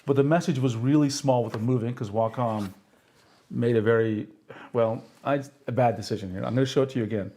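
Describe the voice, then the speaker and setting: A brisk, warm, mid-range male voice hosts a live tech stream showing off pen displays. He explains each step, checks in with viewers using "okay?" and "right?", and pokes fun at himself when a demo fails.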